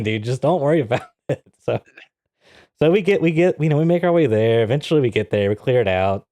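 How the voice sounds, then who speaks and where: A man's voice: medium pitch, a little fast, dry recording. A man co-hosting a podcast, telling a story in casual chat, often laughing and acting out what people said. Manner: animated, laughs often, acts out quotes. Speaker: podcast co-host.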